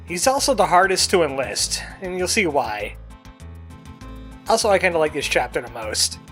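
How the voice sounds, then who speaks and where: Chatty high-voiced man playing a game. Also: big pitch swings, normal speed, fairly bright tone. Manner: chatty, jokey, puts on a cowboy voice. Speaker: let's play host. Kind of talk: casual gameplay commentary. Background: faint game music.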